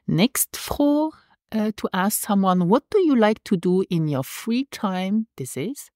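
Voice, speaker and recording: A woman teaching a language lesson, saying each phrase slowly and repeating it twice. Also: medium pitch, animated, darkish tone, dry recording, clean studio sound. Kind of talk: slow, clear language lesson.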